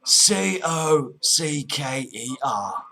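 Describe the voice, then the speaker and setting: A man's voice: on the high side, lively intonation, measured pace, bright, forceful tone. A man voicing a pushy, cheeky Cockney geezer on a prank phone call, impatient and bossy as he spells things out. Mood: indignant.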